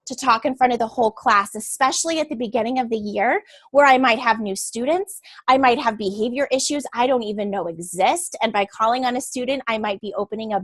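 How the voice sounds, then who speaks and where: A woman's voice: on the high side, a bit bright, dry recording. A woman teacher giving an earnest, explanatory lecture to adult learners before a read-aloud. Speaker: teacher educator.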